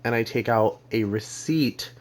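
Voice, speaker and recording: Male comedian, mid-range voice, meandering storyteller who trips over his own words. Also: medium pitch. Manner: rambling, second-person, halting restarts. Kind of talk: comic storytelling monologue.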